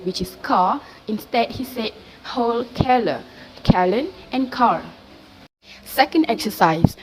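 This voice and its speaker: A woman's voice: a little high, low-quality recording. Woman reading a class presentation. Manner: steady explanatory reading, frequent "so". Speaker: student presenter. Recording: faint background noise.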